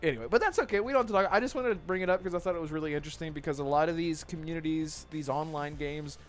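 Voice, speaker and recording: Talking very fast in a slightly high voice, this gaming podcast host rambles casually, starts over now and then and thanks people in the chat. Music sits faintly in the background.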